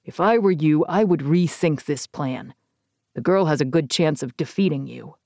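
A woman reading an audiobook, voicing a calm, blunt male minion who speaks evenly and never rises to anger. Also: sits low, moderate pace, no echo, studio quality. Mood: deadpan. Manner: even, deadpan, unruffled. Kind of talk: audiobook character voice.

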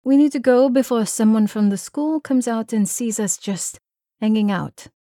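Woman doing a young woman, brisk, urging friends on, dry sound. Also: on the high side, mellow, no room sound, natural voice. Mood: urgent. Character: urgent young woman hurrying friends along.

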